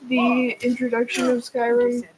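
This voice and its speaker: A woman's voice: on the high side, monotone, a little slow, noisy background. Chatty rambling woman streamer. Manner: chatty, rambling, self-deprecating. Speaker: gaming streamer. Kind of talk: casual gameplay commentary. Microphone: desk microphone.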